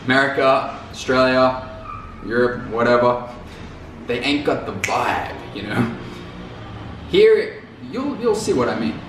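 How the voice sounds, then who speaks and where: A man's voice: mid-range voice, recorded from a distance. A man vlogging in a loose, rambling way, repeating words and dropping casual slang. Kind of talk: casual talk to camera. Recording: very echoey room, off mic, faint noise.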